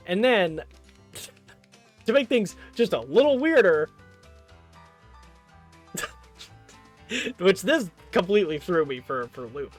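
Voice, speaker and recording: A man's voice: high voice, expressive, normal speed, pauses often, faint music behind. A man casually reviewing a horror film, rambling and joking, with "like" in nearly every sentence. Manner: rambling, joking, full of "like" fillers. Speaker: movie reviewer.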